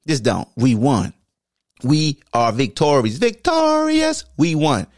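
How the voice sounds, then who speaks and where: A man's voice: medium pitch, animated, a little slow, a little mellow, no echo, clean studio sound. A man co-hosting a podcast, teasing and boasting in casual trash-talking chat. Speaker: podcast co-host.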